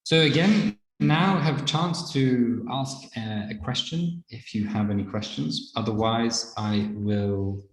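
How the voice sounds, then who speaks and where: Slow, low-voiced man teaching over an echoey call. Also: a little hiss or hum. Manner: measured, explanatory teaching. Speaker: pronunciation teacher. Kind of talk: live online master-class. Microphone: video call. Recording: echoey room with long reverb.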